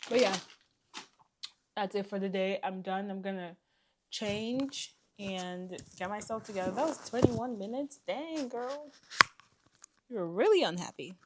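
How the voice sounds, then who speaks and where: A woman's voice: medium pitch, normal speed, background noise. A woman vlogging casually to camera, venting in a tired, exasperated way while hungry. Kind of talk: casual storytime vlog. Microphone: camera mic facing a monitor.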